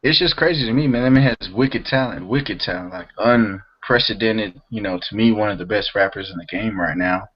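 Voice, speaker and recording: A man's voice: on the low side, normal speed, few pauses, husky, lo-fi sound. A young man co-hosting a podcast in loose, slangy casual chat, calling everyone bro and man. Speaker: podcast co-host.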